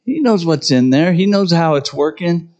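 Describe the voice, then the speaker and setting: A man's voice: fairly high pitch, lively intonation, normal speed, a little mellow, highs cut off. A middle-aged man preaching a conversational sermon, poking fun at himself and often asking "right?". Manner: conversational, self-deprecating, tags lines with "right?". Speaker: pastor.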